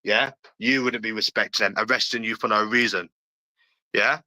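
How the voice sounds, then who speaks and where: A man rants on a livestream and talks straight to his chat. His tone is strikingly sharp and tense, his delivery blunt and full of swearing, and he keeps circling back to the same points. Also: fairly low pitch, steady tone, normal speed, dry recording, poor audio. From London, England. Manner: blunt, profane, repetitive ranting.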